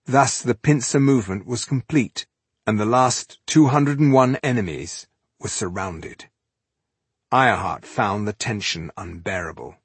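A man reading an audiobook in an even, measured narration. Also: lowish voice, breathy edge, no echo.

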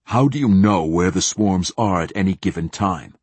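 A stubborn male senator, as a man puts him on with a deep, husky voice. He keeps pressing his questions, flat and hard. The sound is dry. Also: normal speed, no echo.

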